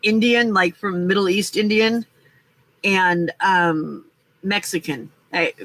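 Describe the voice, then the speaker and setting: A woman hosting a casual live crafting stream, chatty and quick to laugh as she reads out viewer comments. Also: medium pitch, a bit bright, poor audio.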